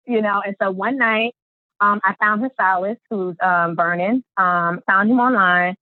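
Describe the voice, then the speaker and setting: A woman guest on a podcast, telling her story in an animated way and acting out the quotes. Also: mid-range voice, normal speed, dry recording. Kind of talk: storytelling interview. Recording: tinny phone-line sound.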